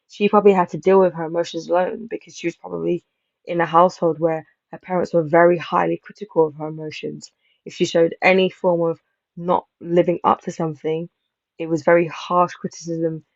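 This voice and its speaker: Brief: woman panel host, casual review chat, rambling and animated, gravelly, lo-fi mic. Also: fairly low pitch, dry recording. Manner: animated, rambling, laughs while acting out quotes. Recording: slightly dull lo-fi mic.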